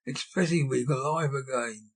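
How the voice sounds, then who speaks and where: A man voicing an old male miser who answers in low, grumbling replies. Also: normal speed, breathy edge. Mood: wistful.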